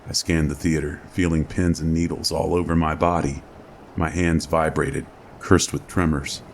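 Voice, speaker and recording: A man narrating a horror story in a slow, measured reading. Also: rumbling low, flat delivery, gravelly, slight background noise. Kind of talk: scripted narration.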